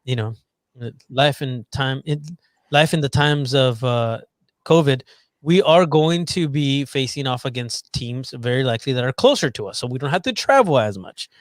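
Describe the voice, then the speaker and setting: A man co-hosting a sports podcast in casual chat, lively and teasing as he explains the schedule. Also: mid-range voice, normal speed, no room sound, clean studio sound. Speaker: podcast co-host.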